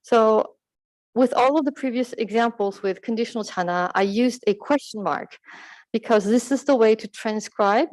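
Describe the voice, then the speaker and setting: A woman's voice: fairly high pitch, moderate pace, a little mellow, no room sound, poor audio. A woman presenting her research at an academic conference, explaining carefully and correcting herself with fillers and restarts.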